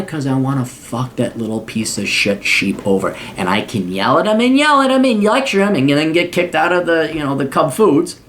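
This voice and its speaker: A man's voice: on the high side, fairly bright tone. A man hosting an advice podcast, talking bluntly and profanely in a ranting monologue with sarcastic, mocking asides. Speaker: podcast host.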